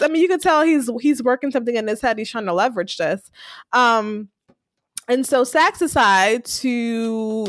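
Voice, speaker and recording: A woman's voice: fairly high pitch, no echo. A woman co-hosting a podcast, casually recapping a TV episode and animatedly acting out the characters' lines. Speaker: podcast co-host.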